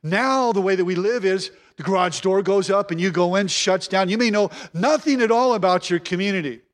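A man's voice: high-pitched, brisk. A man preaching a sermon as pastor, earnest and repeating phrases for emphasis.

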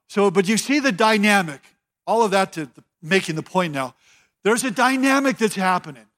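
Male pastor with a high voice, preaching in a casual, emphatic tone. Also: fairly bright tone. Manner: conversational, emphatic, repeats phrases. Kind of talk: sermon.

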